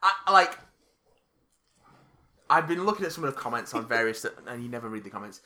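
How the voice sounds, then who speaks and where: A man's voice: mid-range voice, expressive, brisk, bright, forceful tone. A man in his twenties co-hosting a casual podcast, enthusiastic and swearing freely. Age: 20s. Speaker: podcast co-host. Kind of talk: casual comics chat.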